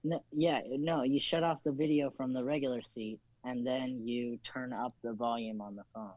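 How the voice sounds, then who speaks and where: A man patiently talks someone through a tech problem in a practical way. His voice has a mid-range pitch. The dull, lo-fi call audio sounds dry and close. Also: steady tone, moderate pace, no room sound. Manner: patient, practical, giving instructions. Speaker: class participant helping with tech.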